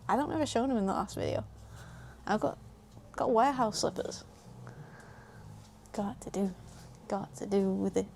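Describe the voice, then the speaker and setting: British woman, 20s, casual vlogger, mid pitch, slight room hum. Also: creaky. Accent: British English. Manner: chatty, easily distracted, swears casually, coos at her dog. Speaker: vlogger, small business owner. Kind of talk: casual vlog chat. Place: small home office indoors.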